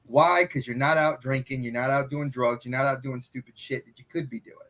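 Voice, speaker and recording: A man from New York with a New York accent, hosting a casual podcast chat as a gregarious, animated storyteller. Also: medium pitch, fairly quick. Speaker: podcast host.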